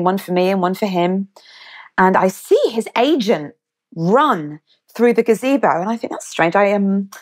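Woman in her 30s, english accent, lively retelling, slightly low pitch, acts out quotes. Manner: animated, vivid retelling with acted quotes. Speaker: guest. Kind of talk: conversational storytelling.

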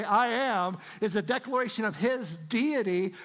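High-voiced preaching man, earnest and emphatic. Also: lively intonation, normal speed, few pauses, a bit bright. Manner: earnest, building to emphatic declarations; repeats words and restarts while preaching. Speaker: pastor. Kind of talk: sermon.

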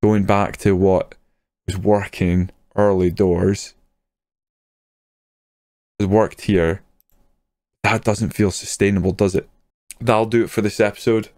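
This gaming YouTuber, a young man, speaks on the low side at a slow pace, pausing often, with no room sound. He casually comments on his football management game, getting worked up and cursing each time someone scores.

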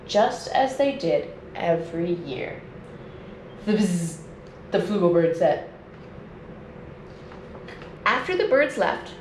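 A woman nature educator reading a children's storybook aloud at home, in a slow and expressive read-aloud manner. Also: a little high. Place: indoors at home. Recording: echoey room with faint noise.

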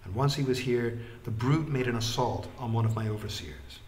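A man voicing a calm male prison official who speaks formally and deliberately. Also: mid-range voice, a little hiss or hum, lightly acted. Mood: stiff. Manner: formal, measured and stiff.

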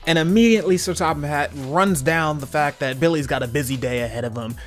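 A man's voice: on the high side, brisk, faint music behind. A young man giving casual, slangy commentary on a cartoon episode, laughing often. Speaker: video commentator.

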